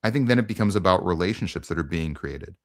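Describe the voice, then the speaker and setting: A man's voice: deep voice, expressive, fast. A man hosting a casual online conversation, talking earnestly with frequent ums. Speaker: host.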